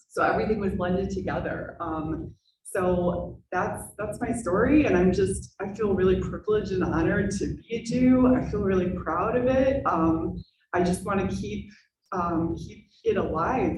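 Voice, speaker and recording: A woman's voice: mid-range voice, measured pace. Earnest woman in a roomy hall. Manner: earnest, laughs often, fillers. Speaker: panelist telling her conversion story. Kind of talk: personal testimony to an audience. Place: synagogue hall. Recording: roomy hall, distant mic, noisy.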